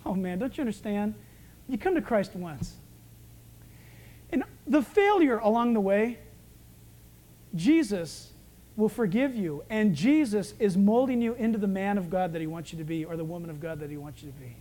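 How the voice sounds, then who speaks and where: A male pastor preaching a sermon, lively and conversational, acting out the voices of the people in his stories. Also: high-pitched, moderate pace. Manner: animated preaching, acts out quoted voices.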